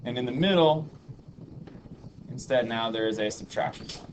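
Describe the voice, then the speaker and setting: A man's voice: mid-range voice, moderate pace. A man teaching a math lesson to a class, patiently explaining formulas and leading the students in rhythmic chants to memorize them. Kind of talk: classroom lecture. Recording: audible background noise.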